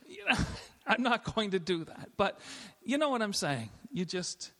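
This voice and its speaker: Middle-aged male pastor, sermon, conversational with restarts, slightly high voice, long church reverb. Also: big pitch swings, normal speed, sharp tone. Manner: conversational, with frequent restarts and light laughs.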